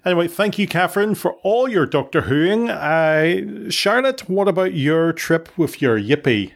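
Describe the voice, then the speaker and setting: A man's voice: on the high side, lively intonation, unhurried, vocal fry. A middle-aged man, hosting a casual family podcast, chatty and full of questions. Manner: chatty, asks questions, restarts sentences. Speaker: podcast host.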